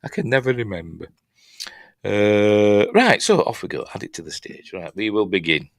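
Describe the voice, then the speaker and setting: Here a gravelly, lowish male voice with big pitch swings moves at a moderate pace through a casual film review. He's from Yorkshire, England, chatty and self-mocking, with lots of fillers and restarts, recorded at studio quality without echo.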